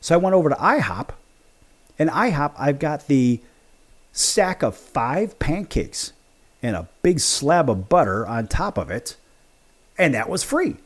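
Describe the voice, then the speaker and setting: A man's voice: a little high, very animated, a little slow. A male sports show host telling a casual story, acting out both sides of each conversation.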